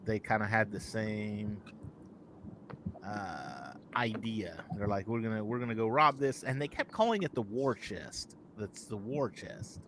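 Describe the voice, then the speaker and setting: Animated, rambling man chatting on a live show. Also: lowish voice, unhurried, background noise. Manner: animated, rambling, self-correcting. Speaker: podcast co-host. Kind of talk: casual live show chat.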